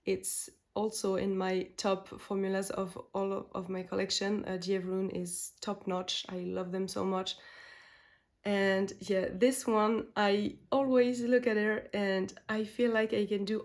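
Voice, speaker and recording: A French-speaking woman, for whom French is her first language, chats casually and enthusiastically to camera about makeup in a beauty vlog, full of fillers and restarts. Her mid-range voice is flat, measured and somewhat dark.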